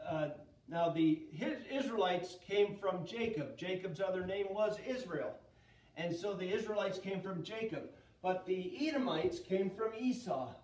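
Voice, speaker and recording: A middle-aged man leading a children's Bible lesson, telling the story in a lively way and asking the kids questions. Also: sits high. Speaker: children's church teacher. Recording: echoey room, voice from a distance.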